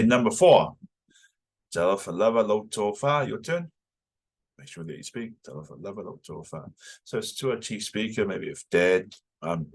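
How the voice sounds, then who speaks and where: A man's voice: lowish voice, a bit bright, slightly rough. A man from New Zealand with a New Zealand accent, teaching a casual online language lesson and having the learner repeat phrases after him. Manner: chatty, loose, repeats phrases for the learner to echo.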